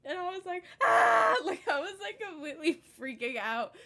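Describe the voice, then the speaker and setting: A young woman chatting on a podcast, her voice sitting a bit high and swinging widely as she acts out old family moments. She laughs often and slips into quoted voices mid-story. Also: expressive, a little fast, fairly bright tone, shouting. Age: young adult. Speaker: podcast co-host. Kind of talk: casual chat.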